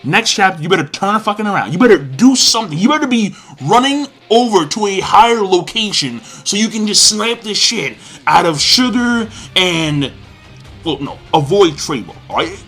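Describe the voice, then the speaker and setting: A young man giving a fired-up, profane, rambling manga review with shouted outbursts. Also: high voice, animated, moderate pace, soft background music. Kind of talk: ranting commentary.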